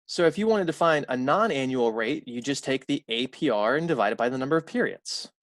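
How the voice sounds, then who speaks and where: A man's voice: medium pitch, animated, fairly quick, a bit bright, dry recording. Dry-sounding college math lecturer, man. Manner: conversational, repeats key points, corrects himself aloud. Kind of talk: recorded lecture.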